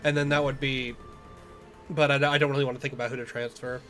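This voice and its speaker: A man's voice: mid-range voice, level tone, fast, bright, forceful tone. A young man casually rambling through let's-play commentary, self-deprecating and swearing often. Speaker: gamer. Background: game music.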